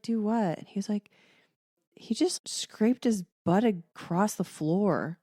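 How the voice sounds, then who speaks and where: A woman's voice: fairly low pitch, measured pace, no room sound, studio quality. A middle-aged woman hosting a podcast, telling a family story in casual chat and acting out the voices of the people in it. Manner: animated, acts out quoted family members. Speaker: podcast co-host.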